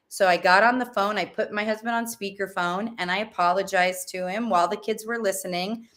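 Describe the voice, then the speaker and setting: A middle-aged woman, a guest on a parenting interview, telling stories in a lively, animated way. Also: mid-range voice, moderate pace, hardly any pauses. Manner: animated storyteller. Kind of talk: casual interview.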